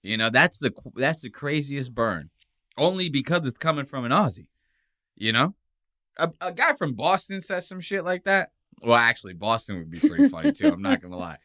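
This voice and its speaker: Animated man riffing over clips. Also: on the high side, moderate pace. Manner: crude, joking, animated storytelling. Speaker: podcast host. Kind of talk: casual commentary over clips.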